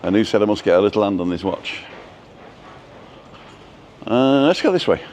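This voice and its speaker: A man's voice: fairly low pitch, sing-song, normal speed, a little mellow, dull audio, slight background noise. Chatty man vlogging outdoors. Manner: chatty, jokey, reads out viewer names. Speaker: vlogger host. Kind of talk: casual live-stream chat while walking. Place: outdoors on a seaside town street.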